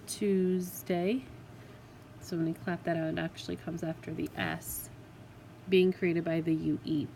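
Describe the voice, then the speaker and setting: A woman teacher giving a recorded spelling lesson to children, patient and clear, sounding out words syllable by syllable. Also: deep voice, flat delivery, moderate pace, darkish tone, a little hiss or hum, rough recording. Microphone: tablet microphone.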